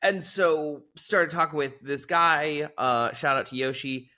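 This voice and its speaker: A man as an interview guest, telling a rambling, animated story in casual conversation and leaning on lots of filler words. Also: fairly high pitch, unhurried.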